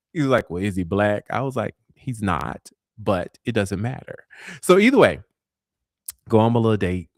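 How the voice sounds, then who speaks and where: A talk show host in his forties tells dating stories casually, acting out the dialogue with animated sass. His mid-range voice is recorded with studio quality and no room sound.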